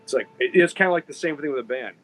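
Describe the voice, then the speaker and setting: A man's voice: a little high, expressive, rapid-fire, fairly bright tone, slight background noise, poor audio. A man hosting a podcast in casual chat, telling rambling stories with plenty of swearing. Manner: rambling, profane storytelling. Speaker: podcast host.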